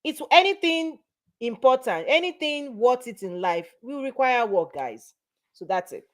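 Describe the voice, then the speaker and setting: A woman's voice: a little high, very animated, a little slow. Emphatic woman coach, repeats for emphasis. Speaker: business and mindset coach. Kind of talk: motivational talk to camera.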